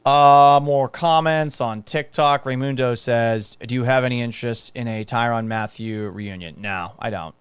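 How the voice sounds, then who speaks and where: A sports talk podcast host with a mid-range voice runs a live-stream show, firing back at viewer comments in a brash, sarcastic, profane way and sometimes teasing in a sing-song. He talks at normal speed with hardly any pauses, and the recording is smooth and dry.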